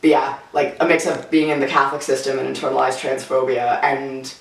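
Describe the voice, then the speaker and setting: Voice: medium pitch, little pitch movement, brisk, gravelly. A teenager speaking frankly in a casual interview, full of "like" fillers. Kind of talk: candid personal interview. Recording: roomy sound from a distant mic, faint music.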